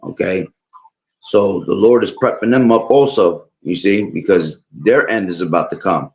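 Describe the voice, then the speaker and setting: A low, gravelly male voice preaches about prophecy from home and reads scripture aloud. He rambles and keeps checking in with "all right?" and "okay?" His voice is hoarse, as if he is losing it. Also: normal speed, a little mellow, highs cut off. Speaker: bible teacher streamer.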